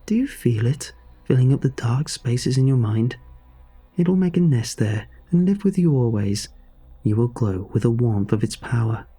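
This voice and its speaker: A man voicing an entranced middle-aged aunt who speaks in a slow, coaxing, possessed way in a horror story reading. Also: medium pitch, expressive, warm tone, slightly rough. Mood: eerie coaxing.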